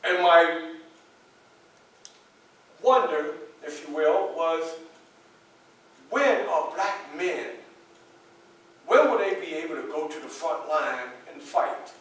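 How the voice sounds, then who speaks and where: A man's voice: a little high, takes it slowly, long pauses. Man playing a proud 19th-century abolitionist. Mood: earnest. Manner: addresses the audience directly, animated storytelling. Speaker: historical reenactor. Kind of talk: first-person historical portrayal for a live audience. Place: library event room. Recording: echoey room from far off.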